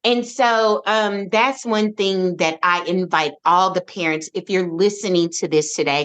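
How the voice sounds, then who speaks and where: A woman guest on a podcast, telling her parenting story in an expressive, animated way, with frequent restarts. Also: medium pitch. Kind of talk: casual conversational interview.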